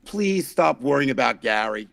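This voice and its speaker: A man hosting a comedic political chat show, loudly mocking and exasperated as he rants. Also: mid-range voice, animated, normal speed, gravelly, no echo. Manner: loud, mocking, exasperated ranting. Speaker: podcast host.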